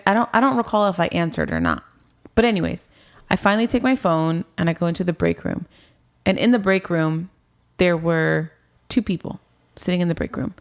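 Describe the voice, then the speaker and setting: Young woman in her 20s, low gravelly voice, chatty storytelling, says like a lot. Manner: casual, frequent "like" and "um", acts out past dialogue. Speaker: interview guest telling her life story. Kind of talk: candid personal storytelling.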